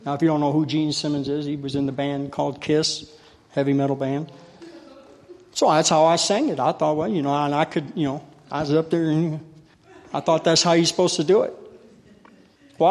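Man, preacher, folksy storytelling sermon, fairly high voice, long reverb. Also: darkish tone. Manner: folksy, self-deprecating storyteller.

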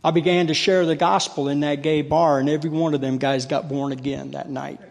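A man's voice: on the high side, little pitch movement, brisk, creaky. A male preacher telling folksy, self-deprecating stories in a sermon. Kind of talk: sermon with storytelling. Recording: long hall reverb.

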